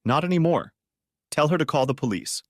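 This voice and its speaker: A man's voice: on the high side, lively intonation, a little fast, no room sound, studio quality, pitched above the performer's own voice. A man voicing a bitter, heartbroken mechanic who rants in an audiobook story. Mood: angry. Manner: bitter, ranting.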